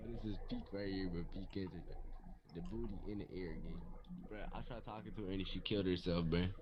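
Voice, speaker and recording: A man's voice: low-pitched, steady tone, a little fast, lo-fi sound, very noisy. A man joining a game over voice chat, talking in laid-back, slangy banter. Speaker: fellow player in voice chat. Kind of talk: casual gameplay chatter.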